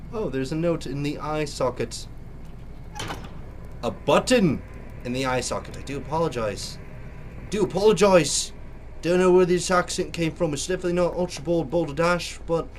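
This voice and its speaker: A man's voice: fairly high pitch, a little hiss or hum. A young man with a sore throat giving jokey, theatrical let's play commentary as a gaming YouTuber.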